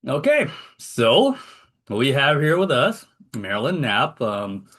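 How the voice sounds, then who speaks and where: A man's voice: medium pitch, huge pitch swings, takes it slowly, fairly bright tone. A man hosting a casual podcast over a video call, rambling and self-deprecating as he talks. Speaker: podcast host. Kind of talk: casual chat.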